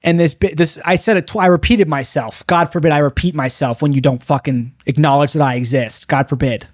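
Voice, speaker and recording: A young stand-up with a slightly high voice moves fairly quickly through a bitter monologue aimed at himself, tripping over lines and restarting them. The sound is dry and close-miked, without any room ambience.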